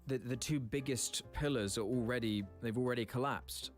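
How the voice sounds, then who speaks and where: With soft music in the background, an English-accented man with a mid-range voice tells a casual story about his voice-acting work at a normal speed. This YouTuber and voice actor mocks himself, laughs a lot and stumbles through restarts.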